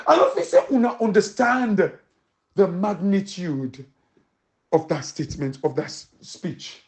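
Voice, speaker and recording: A woman with a Sierra Leonean Krio accent delivers forceful political commentary in a mid-range voice. She presses her points with strings of rhetorical questions and slides easily between Krio and English. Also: mid-range voice, animated, normal speed.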